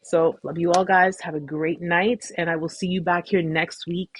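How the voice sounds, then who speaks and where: Husky woman, effusive encouragement. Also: lowish voice, little pitch movement, moderate pace. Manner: warm, effusive, repetitive reassurance; talkative, rambling with restarts. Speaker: host of a support live stream. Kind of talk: casual live-stream sign-off talk.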